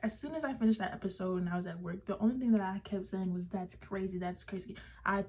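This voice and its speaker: A woman's voice: mid-range voice, quick pace, a little mellow, slight background noise. A young woman vlogger ranting casually, swearing and laughing between phrases. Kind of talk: casual rant. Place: parked car.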